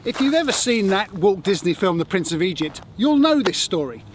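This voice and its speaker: A man's voice: high voice, sing-song, fairly quick, background noise. Earnest English man preaching. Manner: earnest, conversational preaching with rhetorical questions. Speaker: pastor. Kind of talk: sermon.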